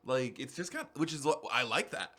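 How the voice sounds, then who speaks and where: A young man talks through a podcast conversation at an average pitch, in a loose, rambling way. He gets excited, piles on swear words and chases his own train of thought. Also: fairly quick. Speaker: podcast co-host. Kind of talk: casual podcast chat.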